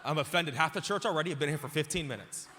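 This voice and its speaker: A man's voice: a little high, rapid-fire, sharp tone, slight background noise. A man preaching a sermon as pastor, emphatic and repeating phrases as he calls out to the congregation. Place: large church auditorium. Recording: hall reverb from a large church.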